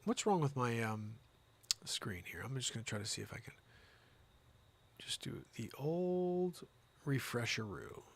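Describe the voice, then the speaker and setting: A man hosting a live-streamed comedy news show, rambling and sarcastic, jumping between loud reading and muttered asides. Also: medium pitch, vocal fry, husky, no echo.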